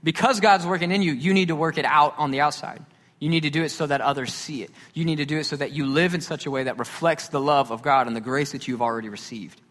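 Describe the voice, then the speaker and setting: A man preaching a sermon as pastor, talking in a conversational, animated way with joking asides. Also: mid-range voice, fast talker. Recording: reverberant hall.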